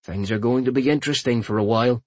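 A man voicing a wry, patient father in an audiobook, speaking in a low-key way. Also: fast talker, dry recording, close to an everyday voice.

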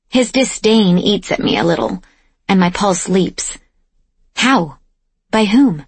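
A woman giving steady, measured first-person audiobook narration, close to the mic. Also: medium pitch, husky, no echo.

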